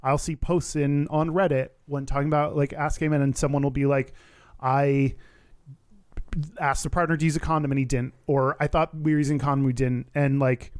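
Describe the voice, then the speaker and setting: A man's voice: mid-range voice, flat delivery, a little fast, a little mellow, no echo. A man co-hosting a podcast in casual chat, explaining his points earnestly. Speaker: podcast co-host.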